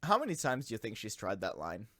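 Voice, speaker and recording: A man's voice: lowish voice, wildly swooping pitch, fast, bright, forceful tone. A young man co-hosting a podcast, joking around and laughing often in casual chat. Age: young adult. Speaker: podcast co-host.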